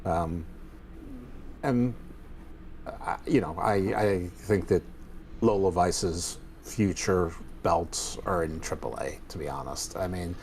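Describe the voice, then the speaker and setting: A man's voice: deep voice, slow pace, a little mellow, slight background noise. A man co-hosting a casual wrestling chat, blunt with dry sarcastic asides. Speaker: podcast co-host.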